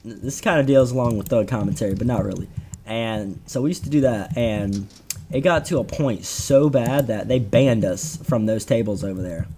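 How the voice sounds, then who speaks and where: Young male co-host, laid-back teaser, mid-pitched voice, slight hiss in the recording. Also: normal speed, warm tone. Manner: laid-back, teasing banter. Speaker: podcast co-host. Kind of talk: casual chat.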